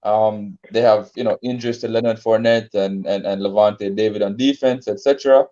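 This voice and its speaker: A man with a mellow, darker voice talks through football picks in an unhurried, easygoing way. He stops and restarts often, filling gaps with ums. The audio is a bit muffled and lo-fi. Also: on the low side, fairly even intonation. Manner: laid-back, hesitant with many ums and restarts. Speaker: sports podcast co-host. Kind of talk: casual sports debate.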